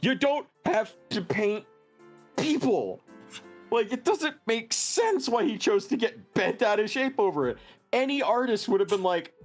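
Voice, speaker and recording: This is a streamer holding forth in casual chat during a game stream, profane and animated. The voice swings widely in pitch. Faint music runs in the background. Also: a little slow. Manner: animated, profane ranting with frequent laughter. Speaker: streamer and co-host.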